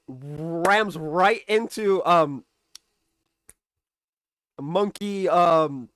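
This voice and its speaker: Chatty man with a higher voice, dry sound. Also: slow, long pauses, fairly bright tone, no room sound. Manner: chatty, keeps asking "right?", swears casually, laughs often. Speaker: TV episode reviewer. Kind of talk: casual recap and commentary.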